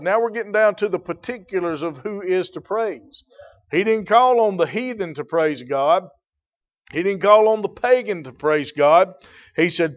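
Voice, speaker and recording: A man preaching a sermon, moving from quiet teaching to loud, emphatic declarations. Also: high-pitched, measured pace, muffled recording. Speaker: pastor.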